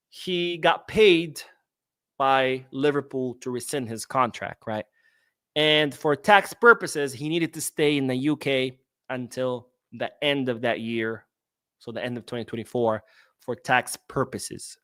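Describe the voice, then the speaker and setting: A man's voice: medium pitch, normal speed, fairly bright tone, no room sound, studio quality. A young man hosting a live-streamed football podcast, ranting sarcastically and reading out viewer comments. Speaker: podcast host.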